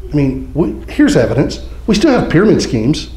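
A man preaching a sermon as pastor, joking and conversational, acting out quick mock voices. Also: a little high, huge pitch swings, mellow, roomy sound, rough recording. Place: church sanctuary.

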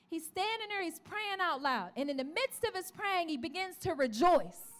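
A woman preaching a sermon testimony to a church, telling her story in an animated way and calling out to the congregation. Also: very high-pitched, moderate pace. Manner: calls out to the congregation.

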